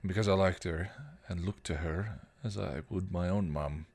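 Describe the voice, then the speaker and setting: A man reading a story aloud, voicing a grim, protective male vampire who speaks softly but sternly. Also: normal speed, breathy edge. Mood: grim gentle. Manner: low, grim, soft-spoken.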